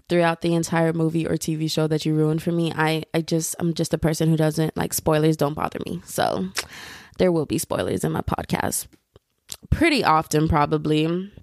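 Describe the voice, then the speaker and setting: A woman's voice: sits low, darkish tone, dry recording, studio quality. A young woman hosting her own podcast, rambling in casual chat and laughing often. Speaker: podcast host.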